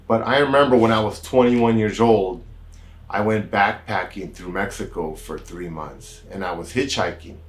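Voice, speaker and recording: An American doctor who hosts a health channel tells a personal story in a fairly low voice at a moderate pace. He's relaxed and rambling, with plenty of asides and lots of "kinda" and "you know."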